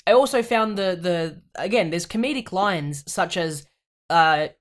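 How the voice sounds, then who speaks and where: A man, co-hosting a casual film review podcast, talking in an animated, emphatic way. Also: sits high, unhurried. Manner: animated, emphatic, swears in mock outrage. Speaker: podcast co-host.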